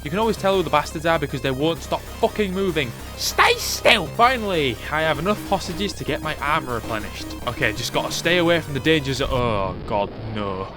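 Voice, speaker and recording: A man narrating a comedic review of a retro game. He is sarcastic and sweary, slipping into mock outrage. Faint music plays softly behind his voice. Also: fairly high pitch, quick pace, hardly any pauses.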